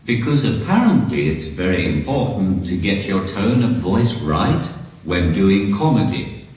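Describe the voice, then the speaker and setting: A man doing stand-up comedy through a text-to-speech device, deadpan and synthetic, live in a large concert hall. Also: sits low, measured pace. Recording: echoey hall from far off, faint noise.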